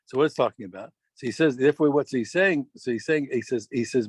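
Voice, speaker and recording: A man teaching a daf yomi Talmud class, animated, restarting phrases and quizzing his students. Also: mid-range voice, brisk, slightly rough, dry recording.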